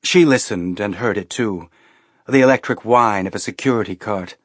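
A man narrating an audiobook in a steady storytelling voice, shifting voices for each character. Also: on the low side, moderate pace, no room sound, clean studio sound. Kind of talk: scripted narration.

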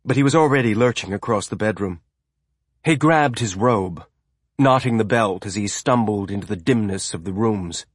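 A man's voice: fairly low pitch, moderate pace, breathy edge, no echo. Man narrating a novel, dry close sound. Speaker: audiobook narrator. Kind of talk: scripted narration.

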